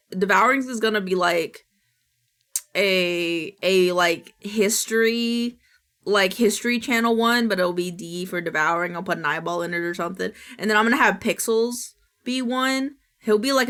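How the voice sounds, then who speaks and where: Young American woman, live streamer, bright voice, chatty and excitable, casual cursing. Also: lowish voice. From United States. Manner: chatty, excitable, swears freely, reads and answers chat.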